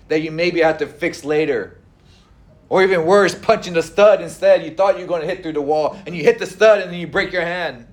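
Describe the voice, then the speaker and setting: A middle-aged man preaching a sermon in a conversational way, with frequent fillers and pauses. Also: sits high. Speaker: pastor.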